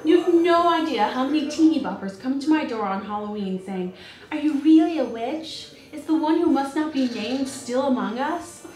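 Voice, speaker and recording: A woman playing a grumpy, sharp-tongued witch who snaps sarcastic remarks. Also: high voice, lively intonation, normal speed, reverberant, faint music behind. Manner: sarcastic, snappy.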